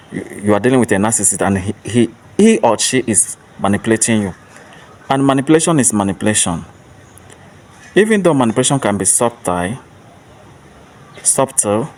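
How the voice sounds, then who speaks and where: A man giving an earnest motivational monologue as a self-help speaker, repeating rhetorical questions. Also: lowish voice. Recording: distant mic with faint traffic noise.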